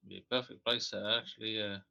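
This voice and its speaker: A man playing a tabletop game, reacting briefly and thinking his guesses out loud. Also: fairly low pitch, level tone, fast talker, creaky, dull audio. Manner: short reactions and spoken guesses. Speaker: player. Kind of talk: casual game chat. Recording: faint music behind.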